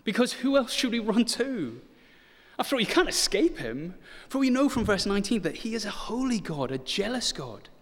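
A man's voice: sits high, sing-song, moderate pace. A man in his thirties preaching a sermon, earnest and building to urgent emphasis, with touches of self-deprecating humor. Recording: long hall reverb.

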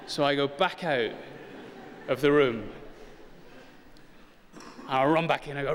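A man's voice: medium pitch, lively intonation, slow, pauses often, a bit bright, a little hiss or hum. A man in his thirties preaching a sermon, earnest and building to urgent emphasis, with touches of self-deprecating humor. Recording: long hall reverb.

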